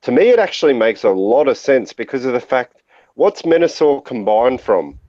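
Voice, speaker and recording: A man rambles through a casual podcast chat, full of opinions and fillers. His voice sits at an ordinary pitch. The sound is dry and a little dull. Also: big pitch swings, moderate pace, dark tone, dry recording. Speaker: podcast co-host.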